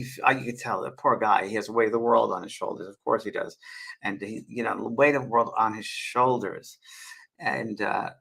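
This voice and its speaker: A man hosting a casual live stream, answering viewers' questions in a rambling, halting way and often repeating his words. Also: mid-range voice, vocal fry, pushed and bright, slightly rough, poor audio. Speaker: host and spiritual medium.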